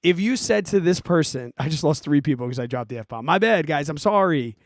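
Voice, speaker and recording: A forty-year-old man hosting a podcast, ranting in an animated, exasperated way and giving casual advice to listeners. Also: a little high, brisk, no echo, clean studio sound. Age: 40s. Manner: animated, exasperated, emphatic, swears. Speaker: podcast host answering listener questions.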